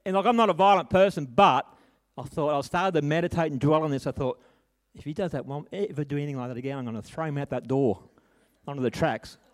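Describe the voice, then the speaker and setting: A man's voice: fairly high pitch, quick pace. Earnest man preaching. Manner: earnest, conversational, with tag questions and restarts. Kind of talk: sermon with personal story.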